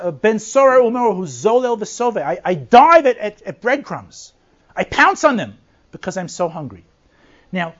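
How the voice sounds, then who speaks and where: A woman teaching a verse-by-verse Bible lesson. She reads Hebrew verses slowly, explains them in plain English and leads with rhetorical questions. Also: mid-range voice. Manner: asks rhetorical questions to lead the listener. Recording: slightly muffled lo-fi recording.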